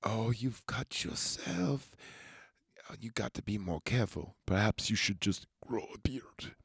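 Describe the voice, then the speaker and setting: A man's voice: fairly low pitch, a little slow, gravelly, husky, no room sound, studio quality, full character voice. Sly old vampire count, sinister whisper, done by a man.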